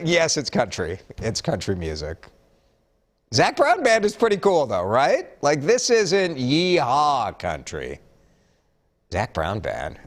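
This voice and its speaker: A man with a Minnesotan accent anchoring a morning news update in a chatty, joking way. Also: mid-range voice. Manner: chatty, jokey, animated delivery.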